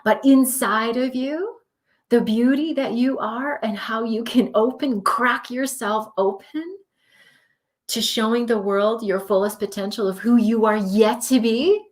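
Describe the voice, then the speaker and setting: A woman's voice: fairly high pitch, a little slow. A woman giving a live-streamed spiritual tarot reading, talking in an effusive, emotional, affirming way.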